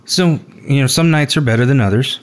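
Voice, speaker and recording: A young man hosting a podcast, telling a story in a relaxed, rambling way with lots of fillers. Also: mid-range voice, a little fast. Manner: rambling, laid-back storyteller with frequent fillers. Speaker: podcast host. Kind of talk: casual storytelling chat.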